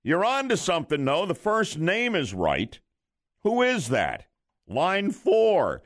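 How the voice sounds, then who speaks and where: Gravelly, animated male radio host. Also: high voice, slow. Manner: jokey, lively delivery. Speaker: radio morning show host. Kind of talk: morning radio chat and call-in game.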